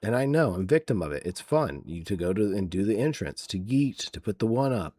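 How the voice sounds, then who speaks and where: Low-voiced man ranting casually. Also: sing-song, brisk, mellow, husky, no room sound. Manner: ranting, sarcastic, many fillers. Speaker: podcast host. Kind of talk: casual wrestling podcast rant.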